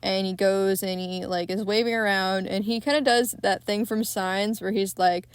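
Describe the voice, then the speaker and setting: A young woman hosting a podcast, casually recapping a film in a candid, excitable way, with frequent swearing. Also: medium pitch, moderate pace, few pauses, clear, resonant tone, dry recording, studio quality. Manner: profane, candid and excitable retelling. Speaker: podcast host.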